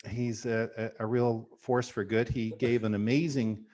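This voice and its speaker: A man's voice: mid-range voice, level tone, measured pace, darkish tone. A middle-aged man hosting an interview, introducing his guest with effusive, enthusiastic praise and frequent fillers. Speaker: host. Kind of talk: warm conversational introduction.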